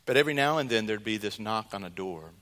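A male pastor preaching a sermon, telling a story earnestly and dramatically, moving between loud and hushed delivery. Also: lowish voice, lively intonation, quick pace.

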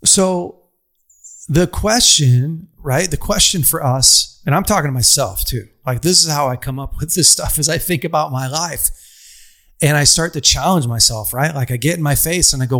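A young adult man talks to an audience in a casual motivational sermon, stacking phrases into long repetitive lists and using filler words. His voice sits on the high side, a bit bright, with lively intonation and a normal speed.

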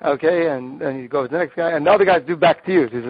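A man, a rabbi, talks through icebreaker games with eager energy, his voice sitting a little high for a man. He restarts his sentences often as he explains. The sound is lo-fi and muffled, with no room echo at all. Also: racing, hardly any pauses, breathy edge. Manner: enthusiastic explainer, frequent restarts. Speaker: rabbi, guest. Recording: dull, dry lo-fi sound.

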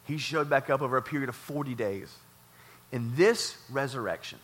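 A man pastor delivering a sermon in a warehouse church, repeating phrases and swinging between loud and soft. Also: medium pitch, moderate pace.

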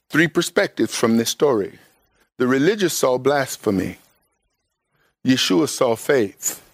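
In a dry recording, a preacher addresses his congregation in an emphatic, conversational way, full of everyday speech. He frequently leaps upward in pitch for emphasis.

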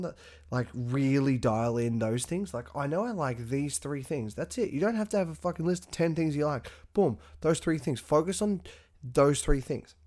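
A young man hosting a motivational podcast, talking in a profane, punchy, animated way. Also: medium pitch. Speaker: podcast host.

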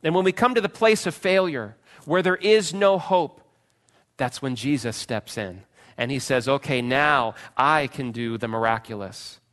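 A man preaching a sermon, retelling a story with dramatic swings from loud pleading cries to hushed, quiet phrases. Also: mid-range voice, animated, a little slow. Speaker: pastor.

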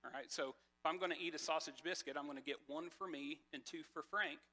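A man's voice: on the high side, fairly quick, pushed and bright. A man preaching a casual sermon, telling a personal story with many fillers and restarts. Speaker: pastor.

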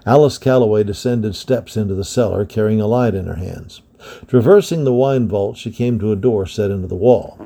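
A man with a gravelly voice reading a historical adventure book aloud in a steady, measured way. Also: on the low side. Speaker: storybook reader.

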